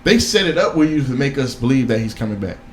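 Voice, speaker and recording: A man co-hosting a casual podcast chat, talking in an animated, insistent way and swearing freely. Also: medium pitch, fast, slight background noise. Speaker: podcast co-host. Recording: echoey room with faint ambience.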